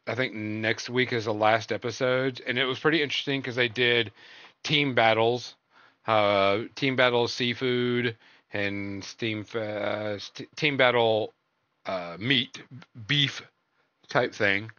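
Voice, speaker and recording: A man's voice: mid-range voice, fairly even intonation, slow pace, bright, forceful tone, no room sound, highs cut off. A man hosting a casual podcast, reviewing shows and films in a rambling way, full of fillers and trailing off. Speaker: podcast host.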